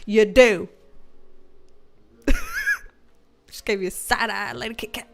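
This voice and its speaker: A woman's voice: medium pitch, slow, slight background noise. A woman with a Southern US accent, hosting a casual livestream and chatting loosely as she reads viewer comments aloud, laughing often. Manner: chatty, loose and colloquial with mild swearing. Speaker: livestream host and tarot reader.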